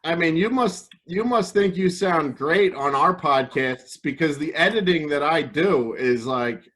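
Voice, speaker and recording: A man's voice: fairly high pitch, lively intonation, unhurried, fairly bright tone. A man co-hosting a podcast in casual chat, swearing and teasing his co-host.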